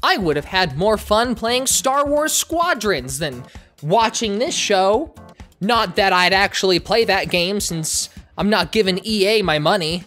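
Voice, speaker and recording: Woman, show reviewer, sarcastic commentary, lively swooping pitch, faint background music. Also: a little slow. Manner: sarcastic, wry asides. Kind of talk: animated commentary.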